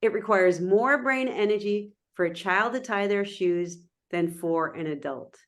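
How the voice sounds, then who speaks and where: Lively woman giving an interactive online talk. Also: medium pitch, unhurried. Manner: lively, keeps checking in with listeners. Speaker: guest presenter.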